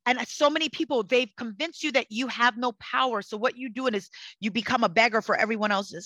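A woman with a bright, somewhat high voice speaks passionately and forcefully, preaching self-empowerment. Her delivery is insistent and motivational, recorded close and dry with no room sound. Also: fairly quick, few pauses, no echo, rough recording. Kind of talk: casual conversation.

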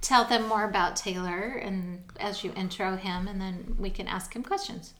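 A woman's voice: mid-range voice, moderate pace, a bit bright. A middle-aged woman co-hosting a podcast, a little unsure as she introduces the show, giggling in casual chat. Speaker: podcast co-host.

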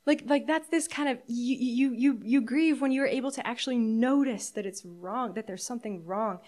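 A woman's voice: on the high side, darkish tone. Earnest reflective woman preaching. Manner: earnest, reflective, candid with halting restarts. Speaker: pastor. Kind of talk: sermon.

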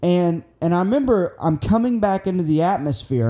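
A young man tells a story in a loose, rambling way, full of swearing, with a mellow, darker tone. His voice sits a bit higher than most men's. He acts out the lines of the people in the story as he goes. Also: normal speed. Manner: rambling, profane, excitable, acts out quotes. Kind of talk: casual storytelling.

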